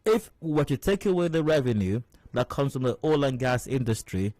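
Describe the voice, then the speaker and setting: A man's voice: mid-range voice, animated, brisk, darkish tone, no echo. A man hosting a talk radio show, making wry, rhetorical commentary and repeating phrases for emphasis. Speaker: radio host. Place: radio studio.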